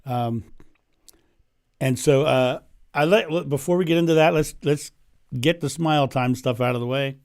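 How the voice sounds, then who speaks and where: A hoarse man with laryngitis hosting a casual livestream from home, chatting and laughing often into his microphone. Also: mid-range voice, moderate pace, long pauses, darkish tone. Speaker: livestream host. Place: home in Ohio. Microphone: microphone turned up.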